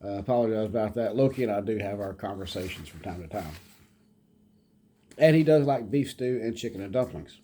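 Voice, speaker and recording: A man in a relaxed, rambling home vlog, showing off a model train car and talking to his dog now and then. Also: lowish voice, brisk. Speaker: model train hobbyist vlogger. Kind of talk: casual show-and-tell vlog.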